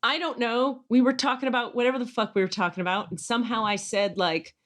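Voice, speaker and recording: A woman's voice: fairly high pitch, fairly even intonation, fast talker. A woman hosting a podcast in casual chat, talking intensely and emphatically and acting out quoted voices as she tells stories. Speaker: podcast host.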